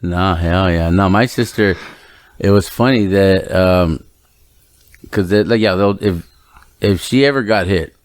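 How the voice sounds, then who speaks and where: A man's voice: low voice, unhurried, dry recording. A man in his thirties co-hosting a podcast, speaking in a laid-back, rambling way and laughing often. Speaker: podcast co-host. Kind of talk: casual chat.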